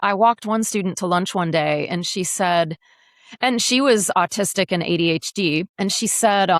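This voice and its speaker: A woman in her forties, an educator speaking as a podcast guest, telling her story in a frank, animated, often profane way. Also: on the low side, normal speed, no echo, studio quality. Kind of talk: candid casual interview.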